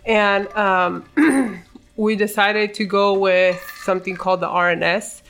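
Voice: medium pitch, steady tone, slow pace, fairly bright tone. A podcast guest speaking plainly and candidly, dropping Spanish phrases here and there. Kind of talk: casual podcast chat.

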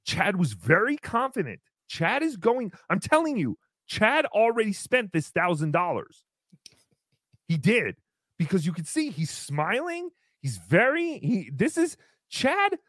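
A woman's voice: mid-range voice, sing-song, unhurried, no echo, clean studio sound. A woman hosting a podcast, giving sarcastic, theatrical commentary on a comedy roast. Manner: sarcastic, theatrical, slips into mocking voices. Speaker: podcast host.

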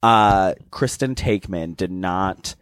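A young man co-hosting a podcast in casual chat, animated and quick to mimic other people in high voices. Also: smooth, no echo. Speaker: podcast co-host.

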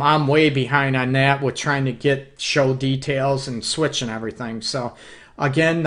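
A man of medium pitch and fairly bright tone counsels people on a live relationship advice show he hosts. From the Detroit area, he talks with emphasis and keeps checking in with his listeners, leaning on "okay?" and "you know what".

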